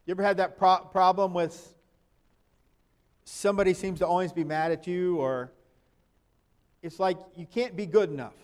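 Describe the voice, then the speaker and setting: A man's voice: high-pitched, normal speed, pauses often. A man preaching a sermon in a conversational way, asking his listeners questions and reading scripture aloud. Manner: reads scripture verses aloud.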